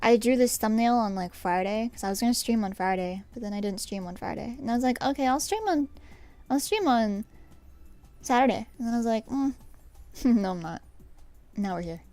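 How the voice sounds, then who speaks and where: A woman's voice: medium pitch, fairly quick, dark tone, soft background music. A young woman streaming herself painting her nails, chatting with viewers in a rambling, self-deprecating way. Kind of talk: casual chat while painting nails on stream.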